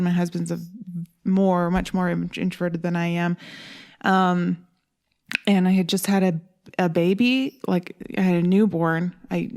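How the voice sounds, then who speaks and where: Thoughtful young woman, lower voice. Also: creaky, darkish tone. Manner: thoughtful, measured, self-reflective. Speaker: podcast co-host. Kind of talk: casual chat.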